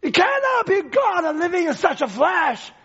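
A male preacher voicing a scheming, gloating devil who shouts in disbelief, on a dull lo-fi recording. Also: very high voice, big pitch swings, a little slow, heavily acted. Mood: incredulous.

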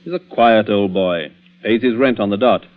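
Guy playing a breezy young country doctor, brisk and easygoing, thin tinny old radio sound. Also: fairly low pitch, lightly acted. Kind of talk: 1940s radio acting.

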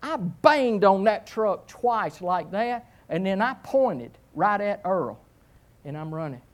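Animated storytelling male preacher. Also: takes it slowly. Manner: animated storytelling with swings in pitch; self-mocking humor. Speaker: pastor. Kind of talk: sermon.

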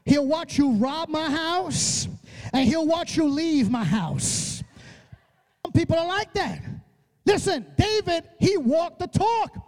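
A man's voice: very high-pitched, sing-song, slow pace. A man preaching a sermon with fervent, repetitive exhortation, often adding "uh" before his phrases. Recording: loud music behind the voice.

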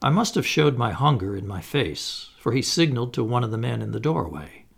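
A male audiobook narrator telling a story at an even, measured pace. His voice is gravelly and carries plenty of pitch movement.

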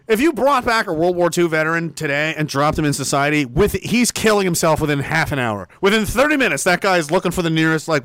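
A man hosting a stream, ranting casually with sarcasm and mocking asides, jumping between loud outbursts and mutters. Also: a little high, animated, brisk, dry recording. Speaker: livestream host.

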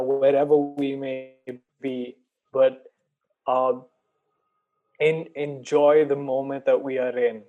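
A man from India, a podcast guest, speaking calmly and in a measured way with small hesitations. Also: medium pitch. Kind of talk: reflective conversation.

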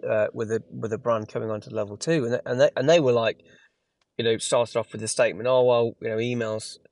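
A man's voice: mid-range voice, gravelly, darkish tone, dry recording. Guy co-hosting a biz podcast, talks it through casual, dry close sound. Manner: explanatory, restarts phrases while thinking. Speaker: podcast co-host. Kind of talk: casual business podcast chat.

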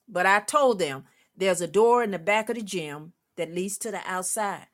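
An older woman, a former coach, telling a lively story on a talk show, laughing often and acting out the people she quotes. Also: mid-range voice, moderate pace. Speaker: guest, former women's basketball coach.

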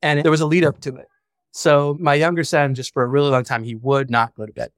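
A man's voice: medium pitch, level tone, fast talker, no room sound, clean studio sound. A man speaking as a podcast guest, a founder and father who talks frankly and reflectively and swears casually. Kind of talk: candid conversational interview.

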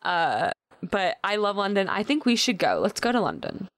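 A woman's voice: mid-range voice, wildly swooping pitch, slight background noise. Chatty young woman podcast co-host. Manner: chatty, laughs often, quick asides. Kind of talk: casual chat.

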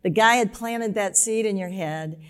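A woman's voice: medium pitch, a little slow, smooth. A woman hosting an interview, guiding the guest by summing up his points. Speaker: host and author. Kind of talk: interview questions. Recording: long echo like a large room.

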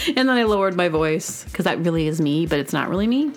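A woman's voice: fairly low pitch, animated, quick pace. Rambling, chatty woman host. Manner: chatty and meandering, with many fillers and silly asides. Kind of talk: casual rambling monologue.

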